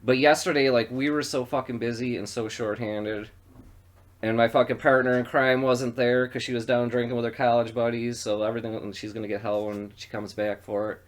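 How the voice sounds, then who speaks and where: A man from western New York co-hosting a podcast, telling profane stories in a loose, animated way. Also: mid-range voice, fairly quick. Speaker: podcast co-host. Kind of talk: casual storytelling chat.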